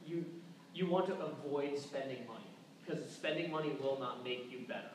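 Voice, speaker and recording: A young man from Tennessee giving a casual convention talk, loose and chatty with lots of filler sounds and restarts. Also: medium pitch. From Tennessee, USA. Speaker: convention panel speaker. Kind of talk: casual presentation. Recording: echoey room recorded from far off, background noise.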